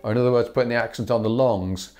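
A man's voice: mid-range voice, fast talker, over loud music. A man teaching a fiddle lesson, explaining patterns in an easy, chatty way with small laughs and fillers. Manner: relaxed, explanatory, chuckles and fillers, counts bows aloud. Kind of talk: instructional lesson.

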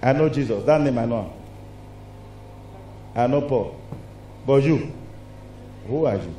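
A man preaching and voicing a defiant, taunting demon in a lowered voice, recorded in an echoey hall. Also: lively intonation, a little slow, dark tone, lightly acted. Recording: echoey hall with faint noise.

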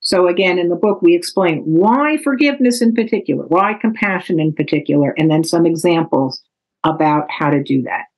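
A woman author giving a calm, measured, instructive talk that explains parenting strategies from her book. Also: on the low side, rough recording.

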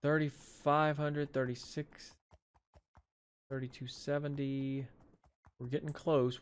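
Nursing a sore jaw after dental work, this gaming channel host keeps up casual let's play commentary, talking to himself and the animals in the game. His mid-range voice is clean, with fairly even intonation, a measured pace and frequent pauses.

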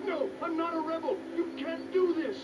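An actor playing a whiny, scared young horse thief in a video game, pleading and jittery. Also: male voice, very high-pitched, steady tone, moderate pace. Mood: panicked. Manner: jittery, pleading, rising into yelps. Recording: lo-fi game audio with loud hiss.

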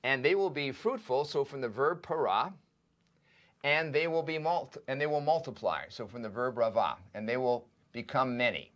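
A man teaching a seminary lesson, translating a Hebrew text word by word in a deliberate, methodical way. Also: mid-range voice, lively intonation, fairly bright tone. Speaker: seminary professor. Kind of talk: lecture on biblical Hebrew.

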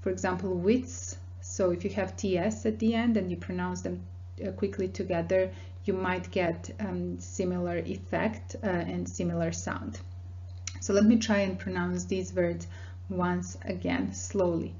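A woman teaching a language lesson, patiently explaining mouth positions and demonstrating sounds slowly. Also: lowish voice, level tone, warm tone, highs cut off.

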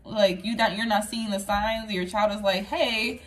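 A woman's voice: mid-range voice, level tone, moderate pace. Chatty woman giving a tarot reading. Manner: rambling, chatty, fills speech with "like"; earnest, affirming, addresses viewer directly. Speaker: tarot reader. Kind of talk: casual pick-a-card tarot reading to viewers.

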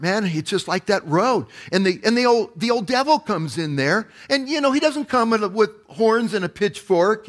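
A man preaching as pastor, retelling a parable with lively acted-out voices. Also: sits high. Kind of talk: sermon.

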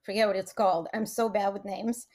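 A woman's voice: mid-range voice, steady tone, a little fast, darkish tone. A woman, a matchmaker and author, chatting casually on a podcast and often laughing as she retells family stories. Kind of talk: casual chat.

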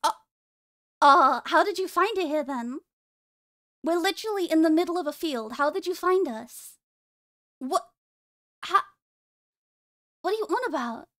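A woman's voice: very high-pitched, animated, a little slow, long pauses, a bit bright. A woman streaming casually, teasing and joking with her chat and laughing often.

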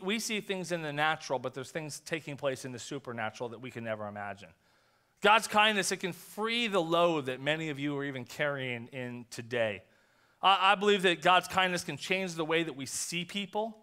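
A male pastor giving a conversational sermon, telling a story with quick acted asides. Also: on the high side, bright, forceful tone, clean tone. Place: church sanctuary.

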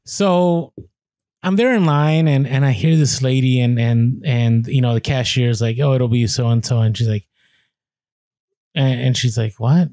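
A man co-hosting a podcast, telling an animated story with quoted voices and many restarts. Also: medium pitch, a little slow, no echo. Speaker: podcast co-host.

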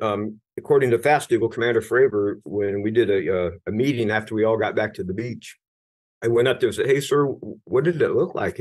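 Speaking in a lowish, slightly mellow voice, a middle-aged American man who retired as a Navy senior chief recounts his story candidly in an interview. He's earnest, sometimes emphatic, with frequent restarts.

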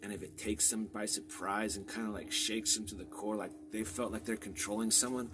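Rambling man with a low voice. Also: steady tone, fairly quick. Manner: meandering, many fillers and restarts, trails off quietly. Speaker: vlogger. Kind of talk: rambling off-the-cuff commentary over old maps.

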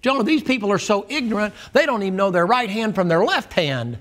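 Folksy storytelling pastor with a high tenor, animated sermon delivery. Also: male voice, a little fast.

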